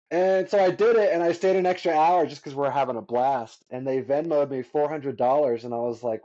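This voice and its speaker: A man's voice: fairly high pitch, a little fast, mellow. A man in his thirties, a guest musician telling stories casually and laughing often. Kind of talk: casual storytelling. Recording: dull lo-fi sound.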